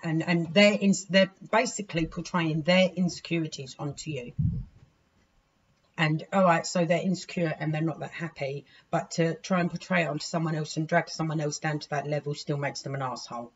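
A woman giving a weekly tarot reading, frank and indignant, swearing freely and breaking into sudden loud outbursts. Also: sits low, fairly quick, breathy edge. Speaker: tarot reader. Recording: dull lo-fi recording with faint hiss.

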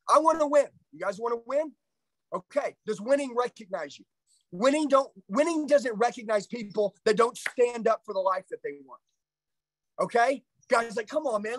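A man's voice: extremely high pitch, no echo, rough recording. A middle-aged man giving a live motivational sales training, intense, confrontational and profane.

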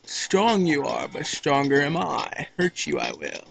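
A man voicing a smug male archer who speaks slowly and solemnly in backward sage-like phrasing over a video game. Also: medium pitch, wildly swooping pitch, vocal fry, fairly bright tone, heavily acted. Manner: slow, solemn inverted phrasing.

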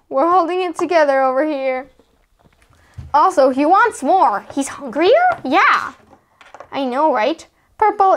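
A woman voicing little toddler girl dolls playing a board game, high and excitable, squealing when things go wrong. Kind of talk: doll play narration.

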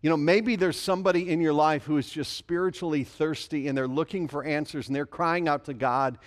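A man's voice: fairly high pitch, steady tone, brisk. Earnest man preaching a sermon. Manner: earnest, repeats key phrases for emphasis; reads scripture aloud within the sermon. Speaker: pastor.

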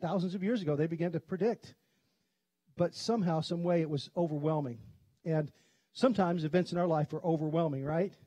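A middle-aged pastor from Kentucky preaching a sermon, telling stories in a chatty way and laughing often. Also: male voice, a little high, mellow, no echo. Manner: conversational storytelling, quick to laugh. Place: church sanctuary.

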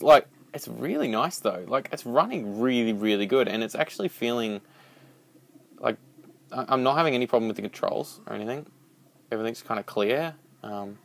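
Excitable young man gaming commentary. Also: medium pitch, vocal fry, a little hiss or hum. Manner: rambling, excitable, swears when startled. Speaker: gaming channel host. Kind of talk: casual let's-play commentary.

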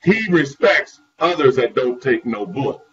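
Man, guest on a caregiving talk show, animated storyteller, muffled and distant with crowd noise behind. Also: medium pitch, unhurried. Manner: lively, laughing, acts out voices in anecdotes.

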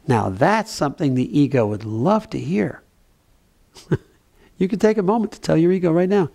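A man giving a gentle, conversational mindfulness talk with playful asides. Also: medium pitch, expressive, normal speed, gravelly. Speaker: spiritual teacher.

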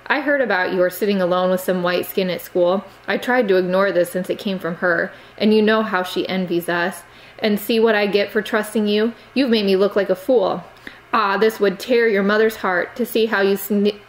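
A woman's voice: medium pitch, lightly acted, low-quality recording. A woman reading aloud, voicing a stern, reproachful middle-aged aunt who lectures her niece.

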